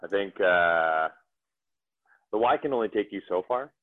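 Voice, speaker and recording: A man talking casually as a podcast guest, animated and rambling with restarts. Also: fairly low pitch, unhurried, dry recording. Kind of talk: casual conversation. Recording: dry, phone-like narrow sound.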